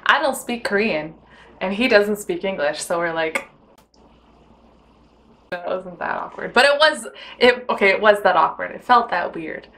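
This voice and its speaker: A woman's voice: mid-range voice, lively intonation, moderate pace, long pauses, fairly bright tone. Playful woman hosting a casual vlog. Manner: playful and laughing, with dry asides. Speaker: vlog host.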